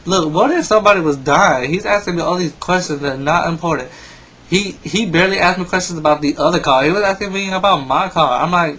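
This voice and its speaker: A young man rants through a story for his vlog. He rambles, circles back and sounds exasperated. His voice sits a little high for a man. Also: expressive, fairly quick, a bit bright, breathy edge, rough recording. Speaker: vlogger.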